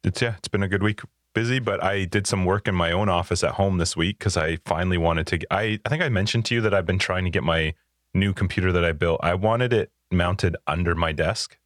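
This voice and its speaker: Deep-voiced man chatting upbeat. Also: fairly quick, no echo, clean studio sound. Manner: upbeat, rambling, with restarts. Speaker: podcast co-host. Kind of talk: casual chat. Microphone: studio headset.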